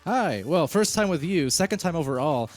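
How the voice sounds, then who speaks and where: Man, esports co-caster, a bit high-pitched, relaxed and jokey. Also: normal speed, faint music behind. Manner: relaxed, joking, some hesitations. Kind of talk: live esports commentary. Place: broadcast booth.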